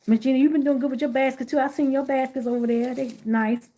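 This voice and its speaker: A woman's voice: sits high, steady tone, fast, dark tone. A middle-aged woman chatting casually on a live stream, greeting viewers by name while she works on gift baskets indoors.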